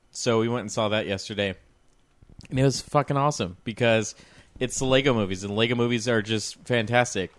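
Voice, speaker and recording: A man co-hosting a gaming podcast, talking in a relaxed, enthusiastic way and swearing casually. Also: fairly low pitch, no echo. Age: adult. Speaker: show co-host. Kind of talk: casual chat.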